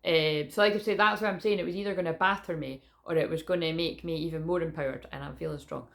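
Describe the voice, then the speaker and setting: A woman's voice: low voice, steady tone, quick pace, vocal fry, a bit bright. A Scottish woman, a psychic reader, chatting to camera in a casual, rambling spiritual vlog, often restarting her sentences and swearing now and then. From Scotland. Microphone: camera in front of her.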